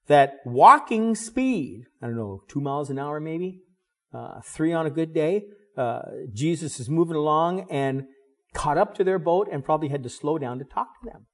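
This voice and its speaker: A man preaching a Bible sermon in a conversational, animated way, with many fillers. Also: a little high. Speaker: pastor.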